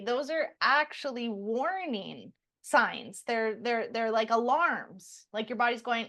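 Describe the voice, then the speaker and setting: A woman's voice: fairly high pitch, expressive, a little slow, hardly any pauses, pushed and bright. A woman podcast co-host in casual chat, summing up emphatically with short punchy remarks.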